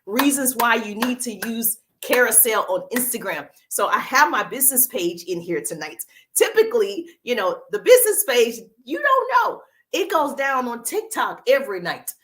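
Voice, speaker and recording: A woman's voice: on the high side, expressive, moderate pace, few pauses, a bit bright. A woman with a Southern US accent hosts a casual livestream as a social media business coach, upbeat and greeting viewers by name, with a cough drop in her mouth.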